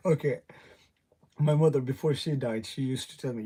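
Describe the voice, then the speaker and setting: Young male livestreamer, non-native English accent, higher-pitched, mellow voice, chatty and giggly. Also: fairly even intonation, normal speed. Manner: rambling, laughs often, greets chat viewers. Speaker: livestream host. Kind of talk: casual live stream chat.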